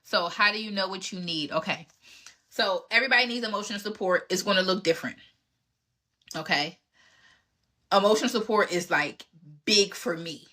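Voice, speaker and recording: Emphatic woman host with a bright voice. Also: mid-range voice, normal speed, pauses often. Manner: candid and emphatic, acts out exchanges with past dates. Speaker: podcast host answering relationship questions. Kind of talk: casual advice talk.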